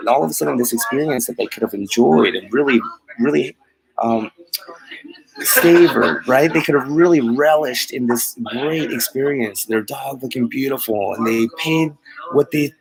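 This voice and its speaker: Earnest rambling man with a gravelly voice. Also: mid-range voice, a little fast, poor audio. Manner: earnest, rambling, self-correcting, laughs often. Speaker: dog groomer hosting a live chat. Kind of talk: casual live-stream chat.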